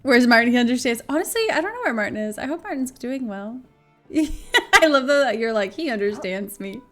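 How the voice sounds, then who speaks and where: A woman's voice: high-pitched, animated, fairly quick, pushed and bright, soft background music. A woman streaming a game live, chatty and giggly, talking to her viewers and swearing now and then. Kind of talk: casual chat while gaming on stream.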